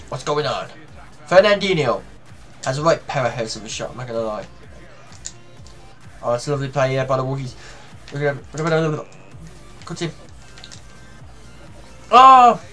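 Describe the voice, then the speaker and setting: A young man giving live commentary on his own football video game match, excitable, shouting and swearing at the play. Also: a little high. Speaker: gamer.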